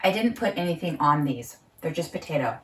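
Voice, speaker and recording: A market gardener vlogs casually from her home kitchen, thinking aloud, laughing a lot and talking while she eats. Her low voice is expressive and brisk, and the mic sits at a distance, giving a roomy sound.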